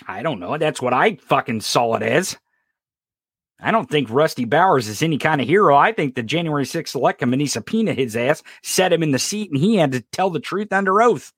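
A man's voice: fairly high pitch, animated, fairly quick, a bit bright, breathy edge, no room sound, clean studio sound. A man co-hosting a political commentary podcast, talking in an impassioned, profane rant with sarcastic jabs. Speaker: podcast co-host.

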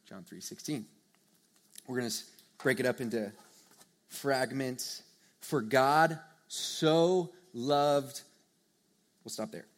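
Young man, sermon, unhurried delivery, earnest conversational tone, drops quiet then builds to loud emphasis. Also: mid-range voice. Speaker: preacher. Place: church or meeting hall with a live audience.

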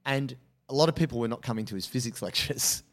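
A man, co-hosting a podcast in casual chat and telling an animated story, acting out the voices of the people in it. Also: mid-range voice, fast. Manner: animated storyteller, acts out quoted dialogue. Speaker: podcast co-host.

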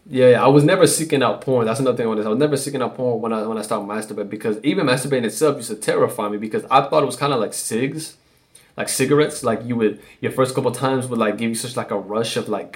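Casual, cursing male podcast host. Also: mid-range voice. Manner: loose and profane, with many "like" fillers. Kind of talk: casual solo podcast rant.

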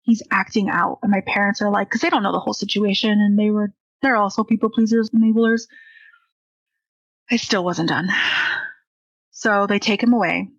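A woman's voice: medium pitch, no room sound, dull audio. A young woman candidly telling a personal story, acting out the dialogue she quotes.

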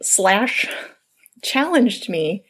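A woman co-hosting a podcast, chatting casually, laughing often, and reading a listener's story in a steady voice. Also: mid-range voice, drawn-out words, slightly rough. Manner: giggly, reads steadily.

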